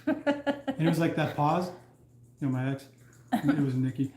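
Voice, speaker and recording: A man's voice: on the high side, steady tone, normal speed, a little mellow, echoey room, a little hiss or hum. A man co-hosting a live stream from home in casual chat, swearing and telling crude jokes while laughing at his own lines.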